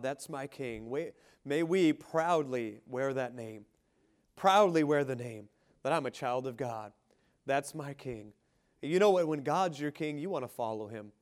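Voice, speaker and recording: A man preaching a sermon with fervor, calling for amens, swinging from rising shouts to quiet, slowed lines. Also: on the high side. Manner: fervent preaching, rising shouts and quiet drops, asks congregation for amen. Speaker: pastor.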